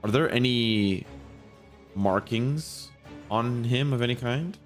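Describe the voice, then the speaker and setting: A man's voice: medium pitch, takes it slowly, faint music behind. A man playing a tabletop game, offhandedly narrating what his character does. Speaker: player. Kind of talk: casual tabletop game play.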